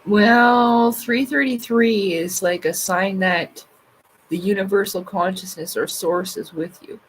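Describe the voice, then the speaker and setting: In an unhurried, mid-range voice with fairly even intonation, a woman hosts a laid-back livestream, reading comments and chatting loosely with viewers. She leans on fillers and swears freely. The low-quality recording carries slight background noise.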